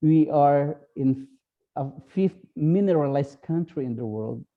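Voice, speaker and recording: A man with a Filipino accent, a priest giving an online talk, speaking slowly and haltingly with many fillers. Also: fairly high pitch, phone-quality sound. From Philippines. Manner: slow, halting, with frequent fillers.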